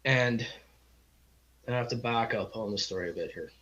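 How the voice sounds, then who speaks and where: A man's voice: medium pitch, moderate pace, a bit bright. A middle-aged man, a podcast guest, telling a long personal story in a rambling, heartfelt way and acting out the people he quotes. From Canada. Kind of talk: casual storytelling interview. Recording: slightly dull lo-fi audio.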